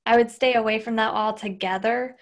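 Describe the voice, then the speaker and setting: A woman's voice: a little high, fairly even intonation, fairly quick. A woman hosting a podcast, talking casually and animatedly with her husband, swearing freely and acting out angry outbursts. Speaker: podcast host. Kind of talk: casual conversation.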